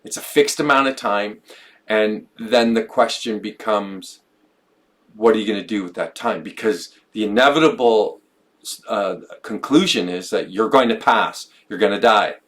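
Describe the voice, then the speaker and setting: A man with a fairly low voice talks through ideas on a podcast. He muses, repeats himself and restarts phrases as he thinks aloud. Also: measured pace, a bit bright. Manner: musing, stumbles and repeats words. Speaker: podcast co-host. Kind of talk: reflective conversational podcast talk.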